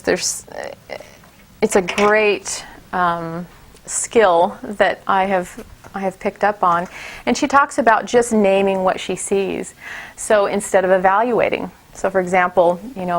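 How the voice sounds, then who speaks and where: Middle-aged woman running a teacher workshop, casual and chatty, lots of ums, mid pitch. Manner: chatty, many fillers and restarts, acts out kids' voices. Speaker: teacher trainer.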